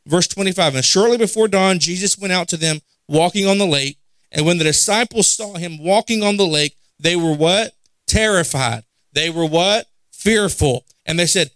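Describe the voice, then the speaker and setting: A man's voice: high voice, animated, moderate pace, fairly bright tone, no room sound. A man preaching a conversational sermon, asking the congregation questions and repeating phrases for emphasis.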